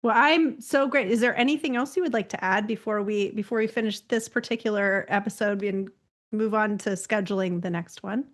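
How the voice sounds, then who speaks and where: A woman's voice: mid-range voice, fairly quick. A woman hosting an interview podcast, enthusiastic and affirming, often chiming in with encouragement. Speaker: podcast host. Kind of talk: conversational interview.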